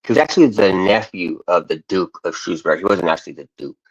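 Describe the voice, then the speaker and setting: Deep-voiced american guy, keeps losing his thought, dull dry mic sound. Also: breathy edge, no echo. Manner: halting, loses his train of thought. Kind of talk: casual chat.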